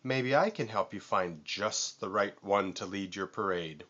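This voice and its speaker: A man's voice: on the low side, unhurried, pushed and bright, muffled recording. A man voicing a vain, pushy male vulture in a storybook read-aloud, boastful and screechy. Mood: smug.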